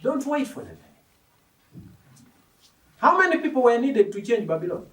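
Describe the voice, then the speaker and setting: A male preacher delivers a sermon in an animated, emphatic style, often putting questions to his congregation. His pitch rises and falls widely as he speaks. He is picked up from some way off, and the hall around him echoes. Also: moderate pace. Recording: echoey hall, mic from a distance.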